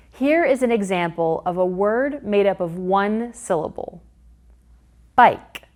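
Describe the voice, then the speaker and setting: A woman reading a scripted teaching guide and pronouncing each syllable slowly and clearly. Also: medium pitch, darkish tone. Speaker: curriculum narrator. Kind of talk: scripted instructional narration.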